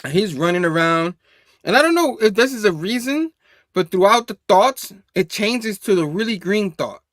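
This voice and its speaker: A man's voice: high-pitched, lively intonation, normal speed, fairly bright tone, no room sound, studio quality. A man casually reviewing a comic book, reading the panel dialogue aloud in a loose, chatty way with frequent laughs.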